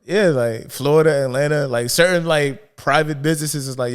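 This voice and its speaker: A man's voice: a little high, fairly quick, clean tone. A man hosting a podcast, laid-back and joking with his guest in slangy casual chat. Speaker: podcast host.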